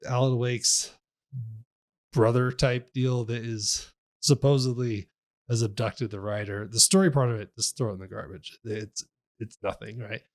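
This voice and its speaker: Male podcast co-host, casual game talk, rambling and animated. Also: medium pitch, normal speed. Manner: rambling, animated retelling with laughs. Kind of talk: casual game review chat.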